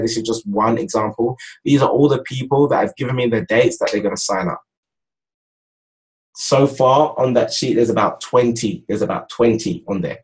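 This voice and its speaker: A young man giving a casual, energetic sales training talk, repeating his points and addressing viewers as "guys". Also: medium pitch, a little hiss or hum, low-quality recording. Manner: energetic, repetitive, speaks straight to viewers as "guys". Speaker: network marketing trainer.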